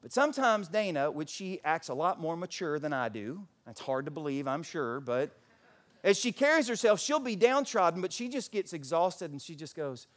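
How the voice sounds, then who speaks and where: A middle-aged man preaching a sermon as pastor. He moves between fervent, near-shouted passages and quiet, intimate storytelling, and acts out voices when he quotes others. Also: on the high side, very animated, normal speed.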